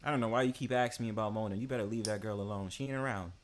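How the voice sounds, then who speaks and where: A man's voice: on the low side, fairly even intonation, racing. A man hosting a livestream in casual, slangy, joking chat, full of filler phrases. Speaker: stream host.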